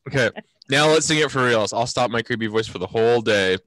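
A man's voice: medium pitch, moderate pace, fairly bright tone, no room sound. A man in the middle of his range leads a morning meeting for an online class, teasing his students and keeping things upbeat. His voice is recorded close and dry, with no room sound around it. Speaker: teacher.

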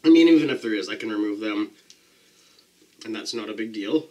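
A man's voice: lowish voice, animated, fairly quick, darkish tone. A man casually talking to the camera as a pepper-eating vlogger, chatty and self-deprecating, describing the burn as it builds.

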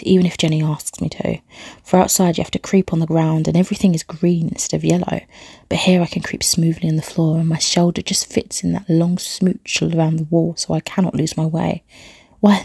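A woman reading an audiobook in a hushed voice that often drops to a whisper. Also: low-pitched, vocal fry, husky, no room sound, studio quality. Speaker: audiobook reader. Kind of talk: scripted audiobook narration.

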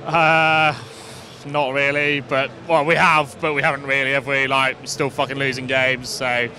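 A resigned male England fan talking haltingly and swearing outdoors. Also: mid-range voice, flat delivery, pushed and bright, a little hiss or hum. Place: outdoors outside a stadium.

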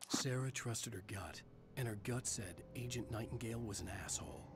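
An actor playing a brooding male writer, giving measured scripted narration in a video game. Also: medium pitch, natural voice.

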